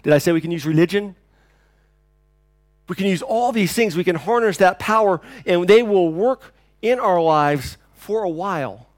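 A pastor delivering a sermon, swinging between loud declarations and quiet, intense passages. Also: male voice, sits high, lively intonation, normal speed, dry recording, clean studio sound.

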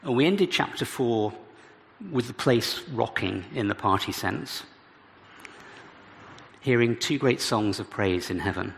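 Gravelly man preaching in a reverberant hall. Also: lowish voice, unhurried, pauses often. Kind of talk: expository sermon. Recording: reverberant hall with faint background noise.

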